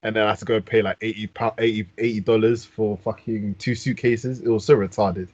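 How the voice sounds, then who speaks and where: A man's voice: fairly low pitch, steady tone, brisk, a little mellow, no echo. A man from London with a London accent, animatedly telling stories on a casual podcast, heavy with slang. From London, England. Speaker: podcast host. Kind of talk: casual storytelling. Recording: dull dry podcast mic.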